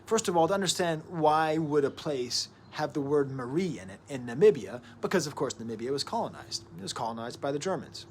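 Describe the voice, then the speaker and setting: Animated man reviewing records. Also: a little high, brisk, few pauses, a little hiss or hum. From United States. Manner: animated, rambling, joking asides. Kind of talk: casual music analysis to camera.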